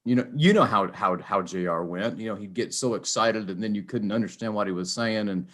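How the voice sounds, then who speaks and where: A man's voice: lowish voice, a bit bright. A man calling in with a question, stumbling over his words and laughing often. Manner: halting, repeats words, laughs a lot. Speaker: caller asking a question. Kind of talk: casual chat.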